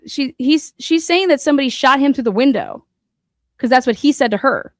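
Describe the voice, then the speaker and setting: A woman's voice: sits high, expressive, fairly quick, no echo, clean studio sound. A woman hosting a true crime podcast, talking bluntly and profanely as she walks through a case with plenty of fillers. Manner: profane and blunt, retelling events with lots of fillers. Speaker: host.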